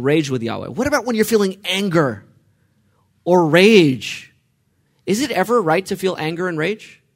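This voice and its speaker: With a fairly high-pitched voice, a man delivers a sermon on the Psalms, reading scripture and questioning his congregation. His delivery swings from quiet reading to loud, emphatic eruptions.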